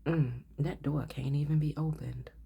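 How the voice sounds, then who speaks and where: A woman's voice: sits low, steady tone, moderate pace, gravelly, mellow, slightly rough. A woman giving a casual tarot reading, blunt and profane, often dropping into a whisper. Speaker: tarot reader.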